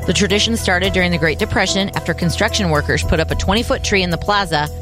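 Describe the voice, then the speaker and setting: A woman's voice: fairly low pitch, quick pace, over music. A middle-aged woman co-hosting a casual chat show, playfully running a quiz and telling stories. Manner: playful quiz-master, lively and chatty. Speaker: co-host.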